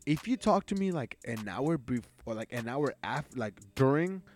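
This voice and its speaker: Animated cursing young man. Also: moderate pace. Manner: animated, swears a lot, mimics others in high voices. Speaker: podcast co-host. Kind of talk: casual chat.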